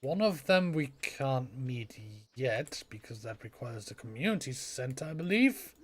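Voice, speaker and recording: A man's voice: medium pitch, expressive, a little slow. A man giving casual, chatty let's play commentary with a self-deprecating streak, reading game lines aloud. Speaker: gaming channel host.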